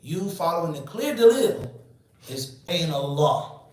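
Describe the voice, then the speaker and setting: A man's voice: a little high, lively intonation, a little slow, a little mellow. A man in his forties giving an emphatic Islamic lecture, asking rhetorical questions and answering them himself. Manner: emphatic and preachy. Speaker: Islamic teacher. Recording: very echoey room, mic far off.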